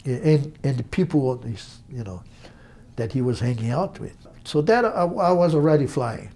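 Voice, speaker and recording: An older man from Brazil with a Brazilian accent, telling stories in an interview in an animated, halting way. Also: medium pitch, vocal fry. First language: Portuguese. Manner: animated, halting, acts out voices in quotes. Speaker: interview guest, musician. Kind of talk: storytelling interview.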